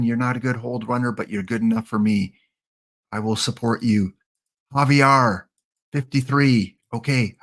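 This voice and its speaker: A man giving live-streamed commentary on a game, drawling along at an easy, slow pace. He thinks out loud, half to himself and half to the players he is picking. His voice sits at an ordinary middle pitch. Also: creaky. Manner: muttering to himself and talking to the players on screen.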